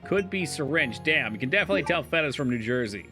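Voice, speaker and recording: A streamer with a fairly high voice talks fast and animatedly, joking casually with his viewers as he plays a game and swears freely. Loud game music plays behind his live stream.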